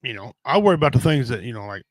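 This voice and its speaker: A man's voice: medium pitch, sing-song, rapid-fire, no echo, low-quality recording. A middle-aged man hosting a casual podcast chat, talking in a blunt, rambling, folksy way with casual swearing. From Native American.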